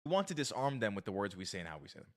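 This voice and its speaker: A man's voice: lowish voice, racing. A man giving dating advice through an eager story, acting out the dialogue. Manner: eager, animated, acts out dialogue.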